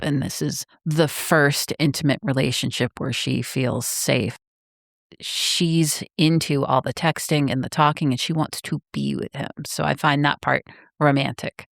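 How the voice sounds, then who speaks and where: A woman co-hosting a book podcast, telling a relaxed anecdote and giving her rating. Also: sits low, unhurried, vocal fry, no echo, clean studio sound. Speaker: podcast co-host. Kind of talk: casual book-club chat.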